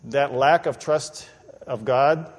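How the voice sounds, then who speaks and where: A man preaching an expository sermon in a church, animated and conversational, often acting out the people he quotes. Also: medium pitch, slow pace. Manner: animated, acts out quoted voices, conversational asides. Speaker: pastor. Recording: long reverb of a large hall.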